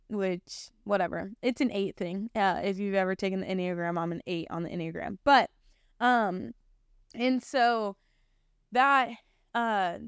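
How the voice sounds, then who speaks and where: In smooth, medium-pitched tones with studio-quality sound and no room echo, a young woman tells the story of her Christian faith. Her delivery is relaxed and sincere, heavy on the word "like."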